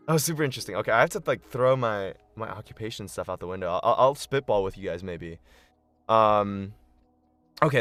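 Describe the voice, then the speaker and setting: Hyped guy running a dnd stream, chatting with viewers, middle pitch voice, lots of likes and ums. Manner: excitable, thinking aloud, many fillers. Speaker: game master streamer. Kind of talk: casual live-stream chat.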